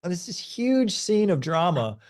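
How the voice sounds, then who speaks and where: A man in his thirties, a podcast guest, talking earnestly and telling stories in a relaxed conversation. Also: high voice, normal speed. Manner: earnest, storytelling, animated when recounting events. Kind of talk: conversational advice talk.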